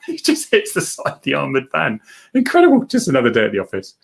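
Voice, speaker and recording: A man's voice: on the high side, sing-song, fast, gravelly. A middle-aged man, a former police officer, hosts a casual live stream, chatting and joking as he reads out viewer comments.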